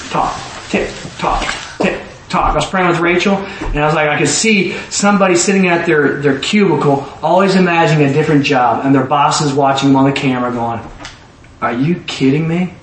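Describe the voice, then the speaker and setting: A man delivers a conversational sermon, animated and full of asides, slipping into little acted-out voices. His voice sits a touch high. He is recorded from a distance in an echoey room with faint ambient noise behind him. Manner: animated, acts out quoted voices, rambling asides. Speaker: preacher.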